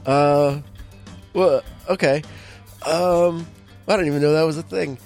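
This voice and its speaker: A man hosting a casual film podcast, chatting in an upbeat, jokey way with quick asides. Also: on the high side, fairly even intonation, a little mellow, faint music behind. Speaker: podcast host.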